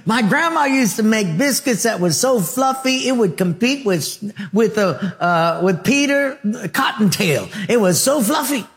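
A man's voice: sits high, animated, unhurried. A preacher voicing a joking male ranch cook with a drawling rural manner of speech.

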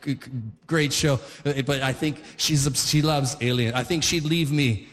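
A man's voice: mid-range voice, fairly even intonation, normal speed, big-room sound. A man in his forties telling a rambling stand-up story, full of fillers and restarts. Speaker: stand-up comedian. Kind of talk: stand-up comedy routine.

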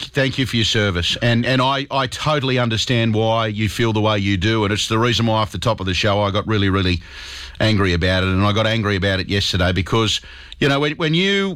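A man's voice: on the low side, a bit bright, no echo, clean studio sound. A man with an Australian accent hosting talkback radio, earnest and stumbling over repeated words. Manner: earnest, repeats words, calls people mate.

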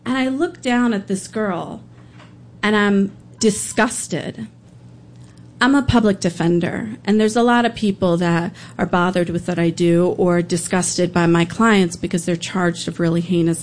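A woman who works as a public defender, telling a true personal story live in an earnest, halting, emotional way. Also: lowish voice, slight background noise.

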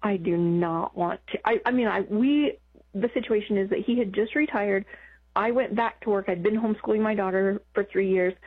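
A woman calling in to an advice show, talking haltingly with many restarts and emotion in her voice. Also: medium pitch, slightly rough. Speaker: caller. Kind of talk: phone-in advice call. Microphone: telephone. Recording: tinny phone line.

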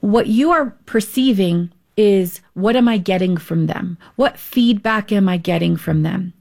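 A woman's voice: medium pitch, unhurried, vocal fry, darkish tone. A woman counselor talks as a guest on an interview show, with a mid-range voice. She explains ideas in an earnest, teacherly way and acts out her examples. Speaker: counselor and author.

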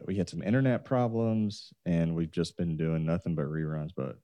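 A man with a very low, dark-toned voice talks finances on a radio show. He is energetic and rambling, and the sound is dry and close. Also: normal speed, no echo. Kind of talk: casual radio talk show chat. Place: radio studio.

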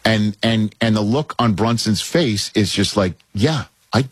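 A man's voice: lowish voice, unhurried, no room sound. A man hosting a casual sports talk show, talking animatedly with many restarts and repeated words.

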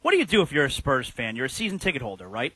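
A man hosting a sports talk radio show, giving his opinions in an animated way. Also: mid-range voice, very fast, husky, no room sound.

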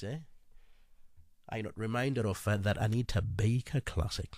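A man presenting a late-night radio music show in a chatty, easygoing way, with filler pauses. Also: fairly low pitch, lively intonation, dry recording, clean studio sound.

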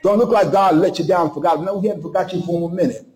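A male preacher in full flow, pushing his voice up high and leaning on dramatic pauses. The echo around him sounds like a large room. He delivers the sermon with fervor and plays out little dialogues. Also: a little mellow. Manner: impassioned, preaching with dramatic pauses and acted-out quotes.

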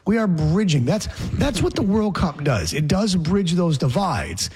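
A man's voice: sits high, sing-song, a little slow, a little mellow, breathy edge. A man hosting a sports talk show, chatting casually with rambling, sarcastic asides.

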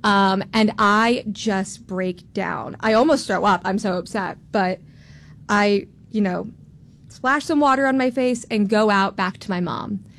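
A woman in her twenties from Florida, telling a personal story on stage in a candid, self-deprecating, animated way. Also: medium pitch, unhurried. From Tampa, Florida. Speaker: storyteller, law student.

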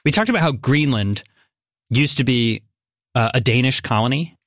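Here a man hosting a podcast recounts a scripted story with some banter, speaking at a moderate pace in a medium-pitched voice. He sounds curious and conversational, leaning on casual fillers, with studio-quality sound free of any room tone.

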